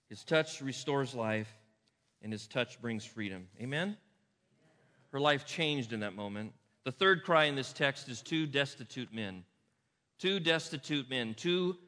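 Male pastor, sermon, emphatic loud-to-hushed delivery, bright edge, reverberant hall. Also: mid-range voice. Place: church sanctuary.

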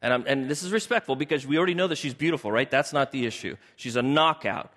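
A man preaching a sermon as pastor, animated and acting out the people in his story with shifting voices. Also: medium pitch, quick pace. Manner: animated, acts out biblical characters in shifting voices. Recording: long hall reverb.

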